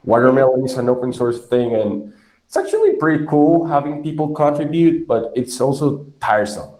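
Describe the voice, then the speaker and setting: A man's voice: medium pitch, very animated, normal speed, dark tone. A man from Colombia with a Colombian Spanish accent, a native Spanish speaker, hosting a podcast and interviewing a guest with frequent hesitant fillers. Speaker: podcast host. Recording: echoey room.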